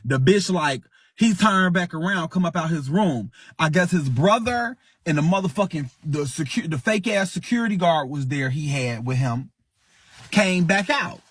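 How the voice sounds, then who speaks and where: A man's voice: a little high, normal speed, husky, no echo. A man hosting a livestream, telling a fight story in casual, profane slang and acting it out with sound effects. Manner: animated, sound-effect-heavy retelling. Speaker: livestream host.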